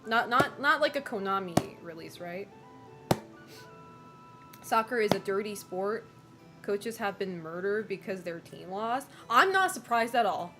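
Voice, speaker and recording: Over music, a woman with a mid-range, sing-song voice speaks a little slowly while streaming. She rambles in casual chat, swears freely, greets viewers, and laughs often.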